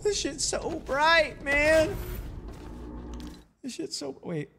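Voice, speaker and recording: Excitable young streamer with a lively swing. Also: sits high, very slow, vocal fry. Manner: excitable, jumpy, swears often. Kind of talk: live gameplay commentary. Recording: noisy background.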